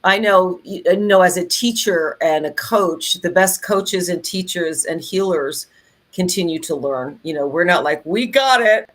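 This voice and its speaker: Lowish-voiced chatty woman podcast host. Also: measured pace. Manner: chatty and animated, many fillers and restarts. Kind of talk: casual conversational podcast chat.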